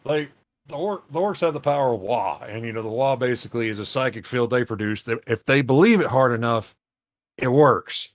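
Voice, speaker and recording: Rambling, swearing young podcast host. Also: male voice, mid-range voice, brisk, dry recording. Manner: rambling, animated, swears freely. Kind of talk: casual podcast chat.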